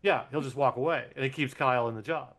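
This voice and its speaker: A man's voice: medium pitch, quick pace, a bit bright. A man co-hosting a casual sports podcast, wry and sarcastic, often laughing. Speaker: podcast co-host.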